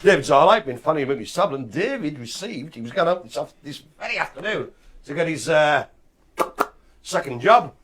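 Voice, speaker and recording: A man's voice: fairly high pitch, a little fast. A man co-hosting a casual live stream, bantering and joking. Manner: jokey, lively banter. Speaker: co-host.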